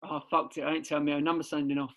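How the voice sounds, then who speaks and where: Casting: male podcast co-host, a bit high-pitched, loose banter. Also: flat delivery, very fast, fairly bright tone, poor audio. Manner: laughing, swearing, loose and chatty.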